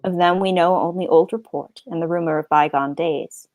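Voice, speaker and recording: A woman reading aloud a book passage spoken by a solemn male captain, in a grave, measured way. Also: on the low side, fairly even intonation, a little mellow, dry recording, pitched below the performer's own voice, close to an everyday voice. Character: solemn male captain telling old lore.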